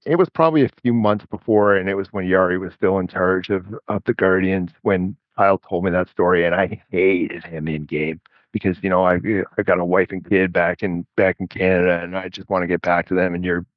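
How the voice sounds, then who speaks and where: A low-pitched man speaks as an interview guest, rambling through a long story with many restarts and frequent chuckles. The audio is dry and a little dull, like a lo-fi online call. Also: steady tone, fairly quick, no echo. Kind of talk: casual storytelling chat.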